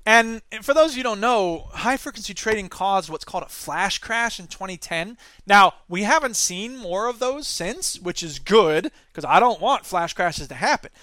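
A man's voice: high voice, a bit bright, dry recording. A man hosting a casual talk show, reading news items aloud and commenting on them with self-deprecating asides. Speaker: podcast host.

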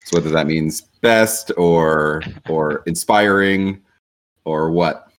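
A man's voice: very deep voice, slow pace. A man hosting a casual podcast chat, rambling loosely with lots of fillers. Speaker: podcast host.

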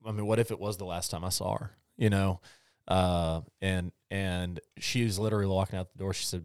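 A middle-aged man with a very low voice co-hosts a podcast. He talks haltingly and with emotion, stumbling and restarting. The recording is dry and close. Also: steady tone, a little mellow, clear, resonant tone, no echo. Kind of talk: casual conversation about faith.

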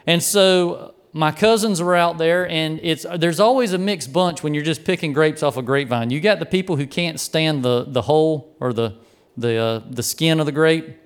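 A man's voice: a little high, normal speed, clean tone. A middle-aged man, preaching a sermon in a folksy, humorous way through a childhood story. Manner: folksy, humorous, lots of restarts and fillers. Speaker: pastor.

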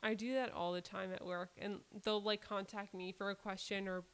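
A woman's voice: medium pitch, level tone, moderate pace, clear, resonant tone. Chatty young woman, self-mocking. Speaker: law graduate. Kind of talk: casual chat.

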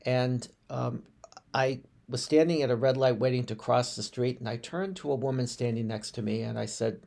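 A man, a rabbi, recalls personal stories for a podcast. His mid-pitched voice has a gravelly edge. He speaks reflectively and often restarts his sentences. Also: a little mellow. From United States. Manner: reflective, unhurried, with frequent restarts and fillers.

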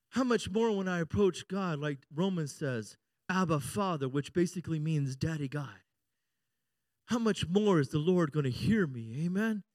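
High-voiced joking pastor preaching. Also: male voice, dry recording, clean studio sound. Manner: jokey, conversational preaching with frequent call-outs for amen. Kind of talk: sermon.

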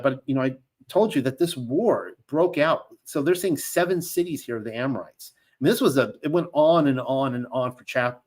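A man teaching a Bible lesson, reading scripture aloud and breaking off into conversational commentary full of asides and restarts. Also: mid-range voice.

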